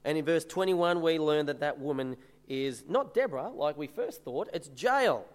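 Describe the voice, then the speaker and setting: A man with a fairly high voice preaches a sermon. His delivery is earnest and emphatic, and he reads passages aloud between points. The sound carries a long hall reverb. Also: expressive, moderate pace.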